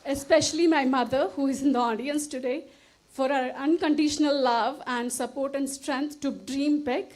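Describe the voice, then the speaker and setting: A woman's voice: high-pitched, fairly even intonation, moderate pace, darkish tone, low-quality recording. A woman from India giving a formal, earnest acceptance speech on an auditorium stage, speaking with gratitude and some emotion into a podium mic. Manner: earnest, grateful, slightly emotional.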